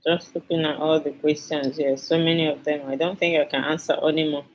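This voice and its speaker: A woman's voice: low voice, flat delivery, brisk, a little hiss or hum, low-quality recording. Effusive woman hosting a live stream. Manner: effusive, repeats phrases, thanks viewers by name. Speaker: skincare channel host. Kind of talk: live-stream chat with viewers.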